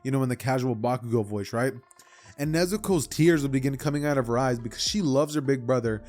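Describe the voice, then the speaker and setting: A young YouTuber casually retells a fan-fiction story for his channel, rambling and animated with side comments. He talks fast in a mid-range voice.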